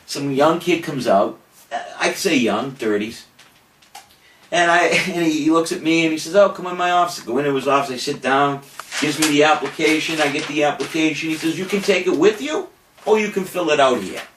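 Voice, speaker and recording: A man's voice: fairly high pitch, a little fast. An older man spins a brash, boastful tale, acting out the other people's lines as he goes. He sits back from the mic in a roomy space, with a faint hiss under him. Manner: brash, boastful, animated storytelling with mock-quoted voices. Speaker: podcast host saying farewell. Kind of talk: casual storytelling monologue. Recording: roomy, distant, faint noise.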